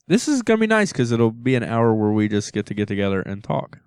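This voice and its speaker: A man's voice: mid-range voice, big pitch swings, quick pace, darkish tone, clean tone, no echo, clean studio sound. A man co-hosting a casual podcast with his wife, chatting loosely and chuckling often. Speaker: podcast co-host.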